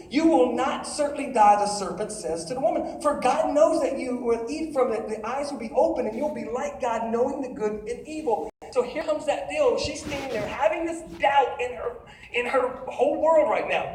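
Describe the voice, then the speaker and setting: A man's voice: very high voice, expressive, moderate pace, darkish tone, far from the mic, slight background noise. Man preaching to a crowd in an echoey room. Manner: emphatic, calls out to the crowd with questions. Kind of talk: sermon. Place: large room with an audience.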